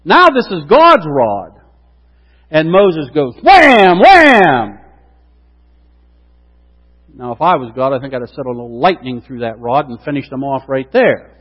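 A middle-aged man preaching a sermon, acting out quotes with lively asides to the congregation. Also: medium pitch, moderate pace. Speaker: pastor. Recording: dull lo-fi sound with long hall reverb.

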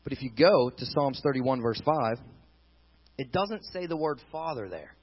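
A man preaching a sermon with dramatic swings between loud intensity and quiet emphasis. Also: mid-range voice, animated, moderate pace, breathy edge, muffled recording. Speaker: pastor.

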